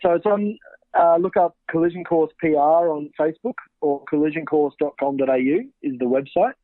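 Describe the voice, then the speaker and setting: A man's voice: fairly high pitch, normal speed, no echo. An Australian man, a podcast guest, talking easily over a call, with loose fillers and laughs. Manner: easygoing, laughs along, hesitant fillers. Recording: dry tinny phone line.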